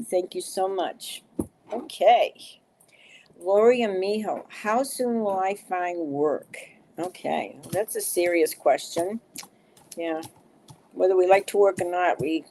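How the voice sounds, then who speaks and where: A woman's voice: lowish voice, a little slow, creaky, warm tone, a little hiss or hum. A middle-aged woman giving live card readings to viewers, soothing and reassuring, with many fillers. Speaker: card reader.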